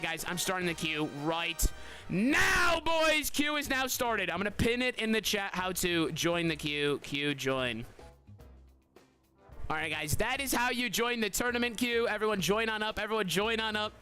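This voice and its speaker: Hosting a game tournament on a live stream, a young man talks excitably to his chat, repeating "guys" and yelling whenever something surprises him. His voice is high, his pace moderate, and faint music plays behind him.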